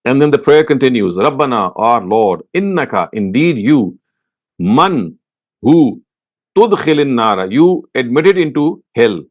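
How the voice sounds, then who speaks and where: A man gives a word-by-word scripture lesson with a lively, rising and falling pitch. He moves slowly and methodically, glossing each term and then restating the whole meaning. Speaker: Quran teacher.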